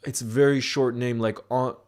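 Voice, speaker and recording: Hosting a live football watchalong, this man chats in a relaxed way, rambling, tripping over words and frequently starting over. He has a mid-range pitch, a steady tone and a moderate pace.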